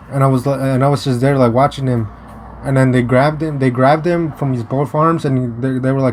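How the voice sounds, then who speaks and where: Telling a story in a casual vlog, a young man from the United States speaks in a level, mid-range, slightly mellow voice, stopping and restarting mid-sentence and leaning on fillers. His rambling talk is blunt and full of swearing, backed by a faint hiss of noise.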